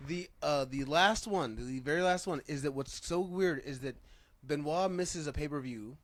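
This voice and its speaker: A man's voice: a little high, moderate pace, no echo. Laughing, rambling podcast host man. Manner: rambling, restarts often, laughs easily. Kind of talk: casual chat.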